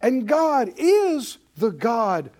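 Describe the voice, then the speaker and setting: A man's voice: extremely high pitch, big pitch swings, very slow, darkish tone. A man preaching a sermon as pastor, emphatic, repeating phrases and drawing call-and-response from the congregation.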